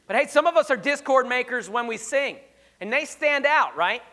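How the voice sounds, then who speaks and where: A pastor preaching a sermon, emphatic and conversational with rhetorical questions, slightly hoarse. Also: male voice, very high voice, animated, normal speed, pushed and bright.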